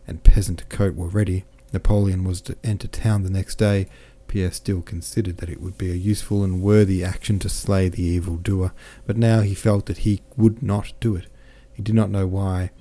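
Deep, mellow male audiobook narrator. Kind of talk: scripted narration of a classic novel.

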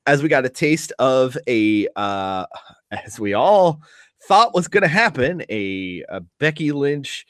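A man co-hosting a casual wrestling podcast, talking with wry, lively banter and some swearing. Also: mid-range voice, takes it slowly, no room sound, clean studio sound. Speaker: podcast co-host.

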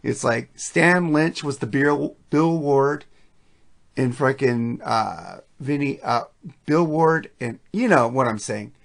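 A man's voice: mid-range voice, takes it slowly, gravelly. A man hosting a podcast, talking about songs in a casual, profane and enthusiastic way that rambles. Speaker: podcast host. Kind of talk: casual music chat.

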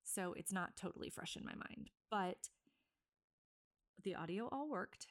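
A woman in her thirties hosts a casual solo podcast, rambling and correcting herself as she goes. She sounds a bit winded, and her pitch sits in a middle range. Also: expressive, a little slow. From Virginia, USA. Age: 30s. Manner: chatty and rambling, many fillers and self-corrections. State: a bit out of breath. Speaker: podcast host.

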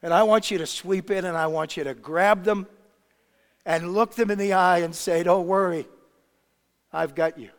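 A pastor preaching a sermon, swinging between loud emphasis and hushed quiet. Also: male voice, high voice, normal speed, smooth. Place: church sanctuary. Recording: long hall reverb.

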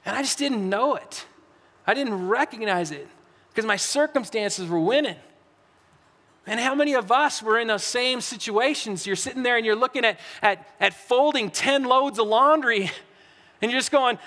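Male pastor, sermon, very high voice, conversational and repetitive, long hall reverb. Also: normal speed, pushed and bright. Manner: conversational, repeats words when acting out everyday frustration.

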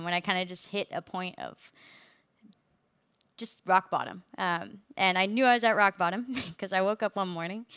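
A woman's voice: mid-range voice, pushed and bright, smooth, no room sound, studio quality. A young woman earnestly sharing her personal faith testimony with a group, with many fillers. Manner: earnest, many fillers, laughs through hard parts.

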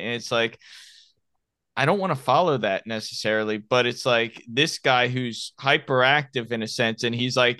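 A man's voice: medium pitch, moderate pace, pushed and bright, clear, resonant tone, no room sound. A former Marine from Miami hosts a casual podcast conversation. His voice is clean and resonant and the sound is dry and close, and he rambles, circling back over his own words. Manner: rambling, repeats words as he thinks.

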